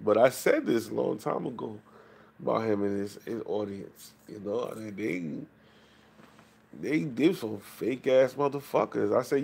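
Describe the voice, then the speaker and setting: A man's voice: fairly low pitch, measured pace, creaky, a little mellow, slightly rough. A man ranting profanely to his chat on a late-night livestream. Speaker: live streamer. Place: home, at night.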